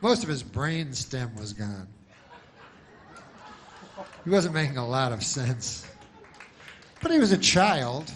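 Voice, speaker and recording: A man doing a stand-up set, deadpan and halting, with many false starts. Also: medium pitch, slight background noise. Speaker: stand-up comedian.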